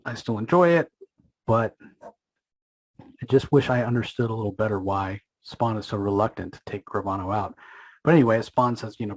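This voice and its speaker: Chatty husky man recapping comics. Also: medium pitch, no room sound. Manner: chatty and opinionated, thinking aloud with frequent fillers and restarts. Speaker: comic book reviewer and channel host. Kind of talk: casual comic recap commentary.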